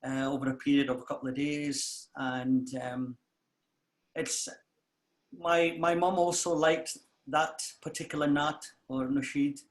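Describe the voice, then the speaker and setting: A man's voice: a little high, unhurried, reverberant. A man with a Glasgow accent, a singer telling stories in a casual interview and acting out what others said. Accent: Glasgow Scottish. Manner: lively storyteller who acts out what others said.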